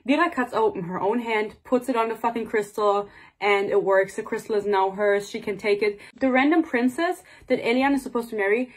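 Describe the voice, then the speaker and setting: A young woman in her twenties with a slightly high, husky voice rants about a book she disliked. She is exasperated and sarcastic, swears freely and keeps wandering off on tangents in a loose, casual monologue. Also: a little fast. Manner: rambling and digressive. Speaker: book reviewer.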